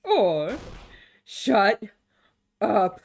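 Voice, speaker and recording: A woman's voice: medium pitch, big pitch swings, a little slow, darkish tone. A woman reading aloud the lines of a flustered, defensive hero in a video game, in a curt, exasperated way.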